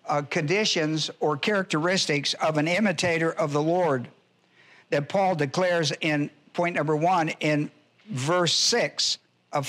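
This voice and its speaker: A man's voice: a little high, a bit bright. A man pastor giving an expository Bible lesson, emphatic and repetitive, spelling out Greek words as he teaches.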